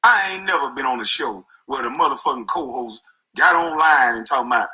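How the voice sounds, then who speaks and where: A man's voice: mid-range voice, fast, bright, forceful tone, slightly rough, rough recording. A middle-aged man, a former basketball player, delivering an angry, taunting rant full of insults in a played clip.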